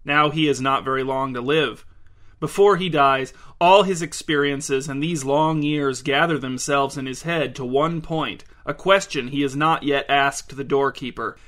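A man reading literary short stories aloud in a measured, deliberate way. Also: fairly high pitch, fairly bright tone. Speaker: reader.

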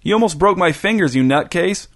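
A man voicing a quick-tempered, indignant man who flares into shouting. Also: high-pitched, expressive, pitched above the performer's own voice. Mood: irritated. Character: irritable middle-aged man, quick-tempered.

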